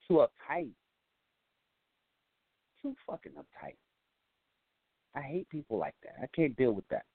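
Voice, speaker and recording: A man's voice: medium pitch, sing-song, a little slow, creaky, pauses often, dry recording. A man hosting a call-in show, rambling and joking with lots of swearing. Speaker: show host. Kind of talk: comedic call-in show monologue. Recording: tinny phone-like line, dry.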